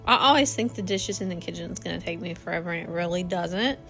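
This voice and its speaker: A woman's voice: fairly low pitch, fast, creaky, fairly bright tone. A woman, chatting casually to viewers while cleaning her home kitchen. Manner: chatty, addresses viewers as y'all. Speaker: cleaning vlogger. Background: faint music.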